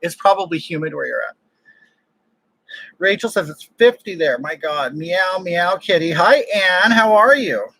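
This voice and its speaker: A man hosts a casual home livestream and greets viewers in a gushing, exclamatory way. His voice sits high and sounds bright. The microphone catches it close and dry. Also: big pitch swings, moderate pace, gravelly, breathy edge, no echo, poor audio. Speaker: livestream host. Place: home room with air conditioning. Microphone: desk microphone.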